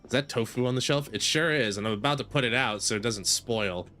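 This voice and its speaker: A man's voice: medium pitch, a little fast, sharp tone, soft background music. A man giving casual gameplay commentary with a playful, mock-grumpy manner. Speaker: gaming video creator.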